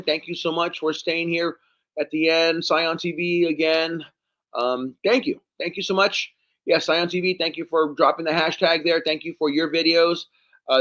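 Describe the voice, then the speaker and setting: A man with a lilt chats loosely through the end of a long live stream, his fairly high voice gone hoarse. He rambles and thanks his viewers by name. The sound is dull and lo-fi. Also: fairly bright tone. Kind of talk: casual live stream chat.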